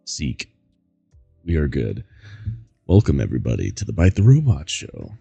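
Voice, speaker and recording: A man's voice: very deep voice, huge pitch swings, normal speed, creaky, dark tone, husky, no room sound, lo-fi sound, soft background music. A goofy, giggly man hosting a laid-back gaming stream and rambling to chat, a bit tired from poor sleep. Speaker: streamer host. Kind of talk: casual chat while gaming.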